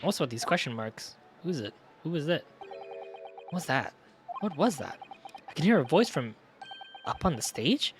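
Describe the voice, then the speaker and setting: A man talks through a game in an offhand, self-mocking way, cursing often. His voice rises and falls a lot, with soft music faintly behind. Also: fairly high pitch, very animated, normal speed, long pauses. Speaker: streamer. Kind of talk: casual gaming commentary.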